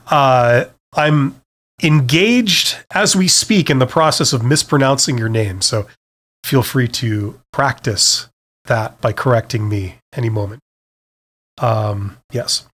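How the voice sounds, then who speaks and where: This is a middle-aged man from Canada hosting a live-stream question-and-answer session. He talks casually and conversationally, filling pauses and poking fun at himself. His voice sits in an ordinary middle range. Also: medium pitch, fairly bright tone. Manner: casual, self-deprecating, chatty with fillers. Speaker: host.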